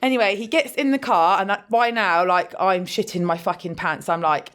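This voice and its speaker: A woman's voice: medium pitch, normal speed. A woman co-hosting a podcast, telling stories in a casual chat, swearing freely and acting out quotes. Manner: storytelling, swears freely, lively acted-out quotes. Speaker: podcast co-host.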